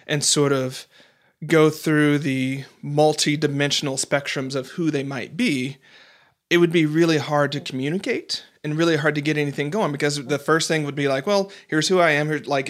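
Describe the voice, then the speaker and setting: A man's voice: a little high, steady tone, normal speed. A man hosting a podcast interview, talking reflectively in a casual way and acting out the voices he quotes with small laughs. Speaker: podcast host.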